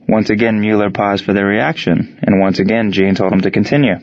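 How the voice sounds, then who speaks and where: A man narrating a story in even, steady scripted narration. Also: fairly low pitch, brisk, hardly any pauses, no echo. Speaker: audiobook narrator. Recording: dry, dull lo-fi sound.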